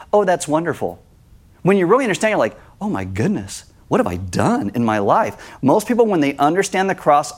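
A man preaching an earnest sermon as pastor, acting out the voices of the people he quotes. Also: medium pitch.

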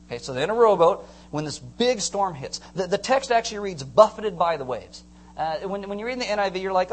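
A man preaching a sermon to a congregation, animated, acting out scenes and joking with the crowd. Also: high voice, fairly quick, slight background noise. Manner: animated, acts out screams and jokes with the congregation. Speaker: pastor.

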